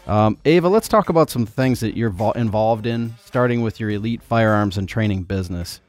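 A man's voice: fairly low pitch, brisk, darkish tone, faint music behind. A man hosting a podcast, introducing a guest and asking easygoing questions with a few fillers. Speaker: podcast host. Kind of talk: interview host questions.

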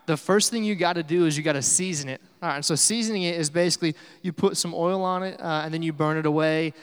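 A man's voice: a little high, quick pace, clear, resonant tone, long reverb tail. A man preaching a casual, upbeat sermon, coaxing his congregation to join in. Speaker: pastor. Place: church hall.

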